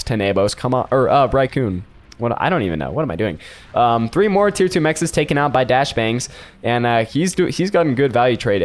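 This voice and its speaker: A young man giving casual, rambling commentary on a strategy game replay, often chuckling to himself. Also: mid-range voice. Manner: rambling, chuckling, self-amused. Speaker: game caster.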